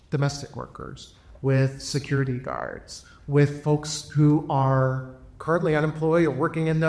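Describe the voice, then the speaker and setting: A man giving a reflective, earnest talk as a panel speaker, pausing on fillers. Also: on the high side. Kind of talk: public talk. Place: packed room.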